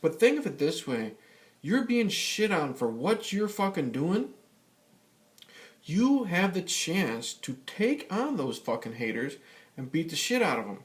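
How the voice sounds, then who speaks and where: A man's voice: on the high side, sing-song, measured pace. Profane rambling male vlogger. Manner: profane, rambling with many fillers and restarts. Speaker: YouTube vlogger. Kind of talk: casual ranting vlog.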